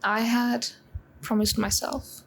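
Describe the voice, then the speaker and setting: A woman in her twenties talking in a confessional vlog, halting with many pauses and close to tears. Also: on the high side, little pitch movement, vocal fry, rough recording. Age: 20s. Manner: halting, full of pauses and restarts. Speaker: vlogger.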